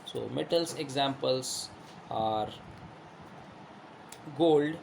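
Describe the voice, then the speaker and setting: A man's voice: medium pitch, drawn-out words, vocal fry, a little hiss or hum. A male teacher giving a classroom lesson, who repeats himself, asks rhetorical questions and shows objects while explaining.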